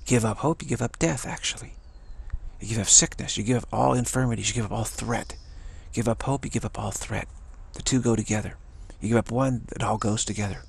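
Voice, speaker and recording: A man's voice: lowish voice, a little fast, creaky, husky. A man giving a casual spiritual talk, rambling, chuckling and repeating phrases. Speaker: spiritual teacher.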